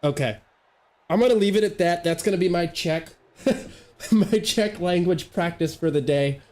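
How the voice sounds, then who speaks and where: Young guy streaming his racing sim late at night, kinda high voice, rambly and laughy. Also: moderate pace, darkish tone. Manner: chatty, laughing, stumbling restarts. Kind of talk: casual live-stream chat. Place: home gaming setup, late night.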